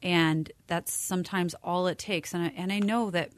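A woman with a slightly low voice talks things through thoughtfully on a faith podcast, pausing often and adding fillers. The sound is dry and close, with no room echo around her. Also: steady tone. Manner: reflective, thoughtful, frequent fillers. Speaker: co-host. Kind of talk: casual faith-based podcast chat.

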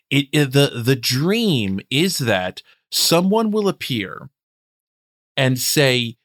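A man's voice: mid-range voice, fairly bright tone, dry recording. Emphatic man arguing in a dry room. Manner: emphatic, argumentative, repeats phrases. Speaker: book club podcast co-host. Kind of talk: casual chat.

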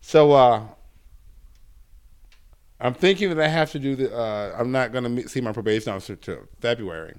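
A man's voice: mid-range voice, lively intonation, normal speed, pauses often, clear, resonant tone. Profane rambling male comedian storyteller. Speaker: stand-up comedian guest. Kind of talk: casual storytelling interview.

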